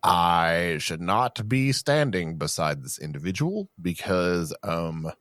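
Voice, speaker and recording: Deep-voiced man in blunt casual chat. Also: very animated, slow pace, fairly bright tone, no echo, clean studio sound. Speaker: podcast co-host.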